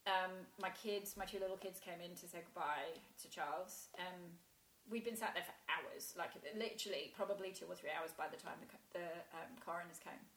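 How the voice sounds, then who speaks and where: A woman telling a painful personal story in a halting way, with many restarts and fillers. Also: fairly low pitch, fairly bright tone, a little hiss or hum. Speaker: guest sharing a personal story. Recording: roomy echo.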